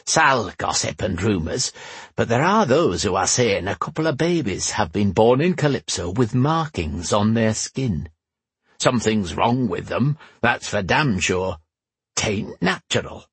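A man's voice: lowish voice, very animated, a little slow, husky, dry recording, heavily acted. A male narrator voicing a grumpy, grey-haired old cobbler who talks bluntly and grumbles. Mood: gossiping. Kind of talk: audiobook character voice.

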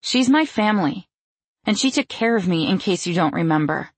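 A rebellious young daughter, put on by a woman narrator, indignant and sharp-tongued. Her voice sits higher than the narrator's and carries a husky grain. The delivery stays close and dry, as if read in a small quiet booth. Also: animated, moderate pace, no room sound. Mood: defiant. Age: young adult.

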